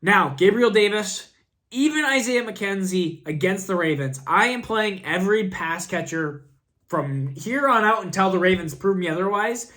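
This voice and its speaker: A man's voice: high-pitched, animated, moderate pace, sharp tone. A man who is sick with a cough, hosting a fantasy football vlog and talking casually in a rambling, self-deprecating way. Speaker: fantasy football channel host.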